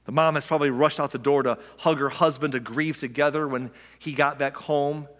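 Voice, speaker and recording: A man delivering a sermon with a slightly high-pitched voice, talking to his listeners as if in a relaxed conversation. He keeps asking them questions and acts out the lines he quotes. His voice carries a long reverb from a large hall. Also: brisk. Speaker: pastor.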